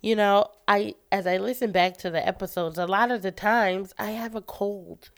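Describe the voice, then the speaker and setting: A woman's voice: mid-range voice, fairly even intonation, normal speed. A woman hosting a faith podcast, talking earnestly and encouragingly while stuffy from a cold. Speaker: podcast host. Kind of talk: casual faith podcast talk.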